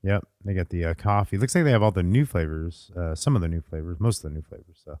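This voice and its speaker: A man's voice: sits low, fast talker, a little mellow, no echo, clean studio sound. A man co-hosting a podcast, laid-back in casual chat with many mumbled fillers. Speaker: podcast co-host.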